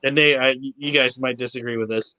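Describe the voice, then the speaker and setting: Excited man with a bright voice. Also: medium pitch, dry recording, highs cut off. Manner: excited, swears freely, quotes others in quick put-on voices. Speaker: podcast co-host. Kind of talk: casual chat.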